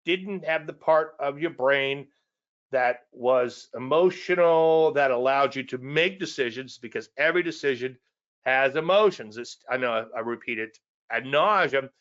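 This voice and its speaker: A man's voice: medium pitch, a little slow, fairly bright tone. Chatty male trading teacher, slightly muffled. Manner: conversational and rambling, with self-deprecating asides and repeated points. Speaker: trading educator and show host. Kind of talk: casual teaching on a weekly market show.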